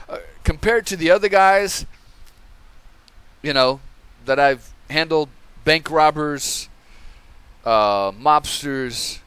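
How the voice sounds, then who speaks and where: Smooth-voiced man giving casual commentary. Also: fairly high pitch, a bit bright. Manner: conversational, tags remarks with "okay?". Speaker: channel host reviewing testimony.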